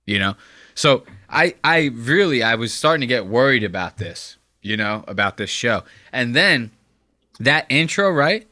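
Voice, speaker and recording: A man with a bright, forceful voice riffs through a reaction commentary, swearing freely and building up his points. His mic sounds dry and close. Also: mid-range voice, a little slow, no echo. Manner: profane, animated, riffing. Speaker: commentary host.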